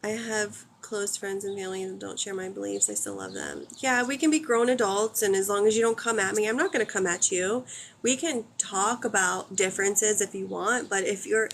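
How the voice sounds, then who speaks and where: Blunt woman, thirties, live chat host, answers comments directly, mid pitch, faint hiss behind her. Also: expressive, moderate pace. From United States. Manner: blunt, opinionated, swears freely. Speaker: livestream host.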